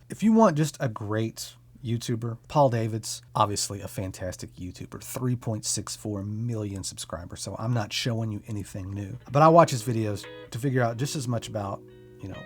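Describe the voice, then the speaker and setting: A man hosting a music channel, talking casually and enthusiastically about creators he recommends, with quick self-deprecating asides. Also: on the low side. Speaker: music YouTuber and host.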